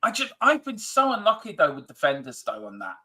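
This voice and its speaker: A man with a very bright, forceful voice hosts a casual football fan stream. He jokes easily, reads viewer comments aloud and laughs along. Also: high voice, huge pitch swings, fairly quick. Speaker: co-host of fan live stream. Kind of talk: casual chat.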